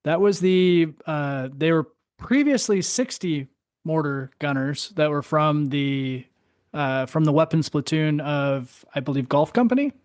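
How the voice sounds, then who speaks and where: A man telling a war story in casual chat, animated, laughing often and cursing freely. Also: on the high side, a little slow, no room sound, studio quality. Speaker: podcast host, Marine veteran.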